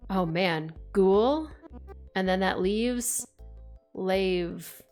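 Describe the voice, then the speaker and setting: A young woman streaming a game live, reading the text aloud and chatting in an expressive, casual way that includes swearing. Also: lowish voice, a little slow, soft background music.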